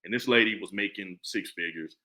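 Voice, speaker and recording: A man in his forties giving a casual, preachy opinion monologue, animated and repetitive. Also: low-pitched, a little fast. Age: 40s. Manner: animated, preachy, repeats himself. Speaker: commentary vlogger.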